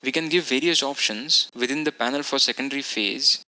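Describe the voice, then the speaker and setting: A man with a very bright, forceful tone walks through a technical lecture step by step. His delivery is methodical and explanatory, and he stops now and then to fix a word. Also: medium pitch, brisk, rough recording. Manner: methodical, explanatory, self-correcting. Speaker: instructor.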